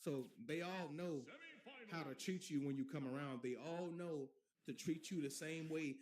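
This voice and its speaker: A man's voice: on the high side, moderate pace, a crowd in the background. Preachy streamer man, repeats himself. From US Midwest. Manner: preachy, repetitive, drawls "bro" and "boy". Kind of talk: casual monologue while streaming.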